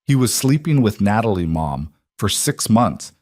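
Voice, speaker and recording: A man's voice: on the low side, big pitch swings, measured pace, darkish tone, no echo. A man voicing a hurt but defiant young woman who talks in clipped, firm lines.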